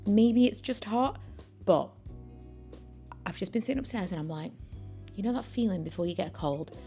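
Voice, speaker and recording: A woman's voice: mid-range voice, animated, normal speed, dark tone, faint music behind. A woman, chatting casually and rambling to camera in a vlog. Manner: chatty and rambling, with frequent fillers. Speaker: vlogger.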